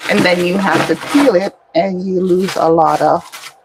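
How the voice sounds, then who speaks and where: A woman with a low, gravelly voice talks slowly through a recipe in her home kitchen. She explains each step in an easy, unhurried way, like a cooking-channel host chatting with viewers. A faint hiss sits under the recording. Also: fairly even intonation. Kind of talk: casual cooking vlog.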